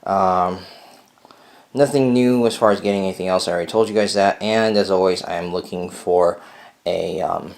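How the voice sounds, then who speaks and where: A man's voice: low voice, fairly even intonation, moderate pace, creaky, darkish tone. Rambling young man chewing gum. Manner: rambling, frequent fillers and self-corrections. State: chewing gum while talking. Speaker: vlog host. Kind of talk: casual chat to viewers.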